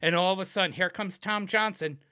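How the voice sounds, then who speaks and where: A man in his thirties from New England, telling profane, animated road stories in a casual chat and shouting the lines he quotes. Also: high-pitched, fairly quick, clear, resonant tone, no room sound, clean studio sound.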